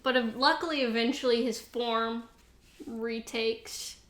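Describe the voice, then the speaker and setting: A woman's voice: a little high, fairly even intonation, measured pace, fairly bright tone, reverberant. A woman co-hosting a podcast, casually retelling a story with laughter and profanity. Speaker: podcast co-host.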